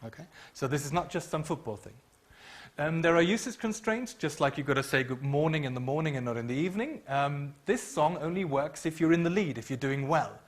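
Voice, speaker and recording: A middle-aged man lecturing at a university, his voice sitting a little high for a man. He explains patiently, hedging with frequent ums and now and then humming a tune to show a point. He speaks into a microphone in a lecture room. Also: animated, a little fast. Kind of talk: academic lecture.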